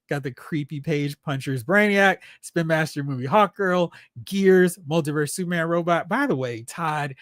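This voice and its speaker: Man, fairly high voice, excitable and chatty, reading comments out, dry close sound. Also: dry recording. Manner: chatty, excitable, reads viewer comments aloud. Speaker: host of a toy collecting show. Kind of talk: casual live-stream chat reading comments.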